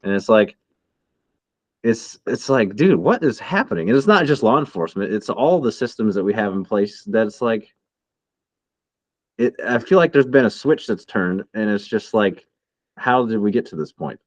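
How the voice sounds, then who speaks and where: A man's voice: fairly low pitch, expressive, normal speed, no echo. A man in his thirties co-hosting a casual podcast chat, heated and swearing a lot. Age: 30s. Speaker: podcast co-host.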